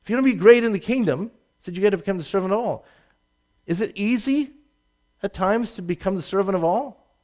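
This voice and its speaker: A man preaching a sermon, swinging from loud emphatic rises to low asides and laughing at his own jokes. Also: lively intonation, fairly quick. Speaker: pastor.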